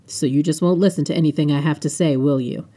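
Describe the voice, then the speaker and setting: Woman narrator doing cold snarling young rich guy, low-ish. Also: quick pace, dark tone. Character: bitter young man, rich heir, cold.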